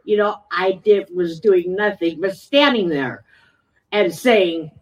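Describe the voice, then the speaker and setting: A woman giving public testimony, emotional and halting, with frequent pauses. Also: fairly low pitch, recorded from a distance, poor audio. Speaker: resident speaking at a public meeting.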